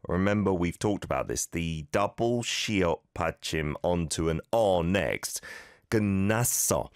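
A man hosting a casual radio language lesson from a studio, animated as he corrects pronunciation with repeated examples. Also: low voice, measured pace, no echo. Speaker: radio host teaching Korean.

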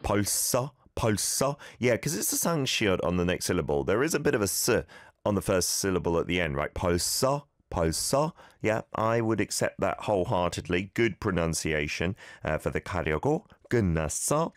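Low-voiced guy hosting a radio lesson, bouncy delivery, dry studio sound, keeps repeating examples. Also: quick pace, no echo. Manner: lively, animated, corrects pronunciation with repeated examples. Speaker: radio host teaching Korean. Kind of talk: casual radio language lesson.

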